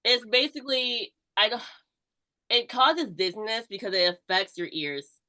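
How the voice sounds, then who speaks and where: Bright-voiced woman strength coach, casual. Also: on the high side, moderate pace. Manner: explains steadily, heavy use of "like". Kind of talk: casual chat.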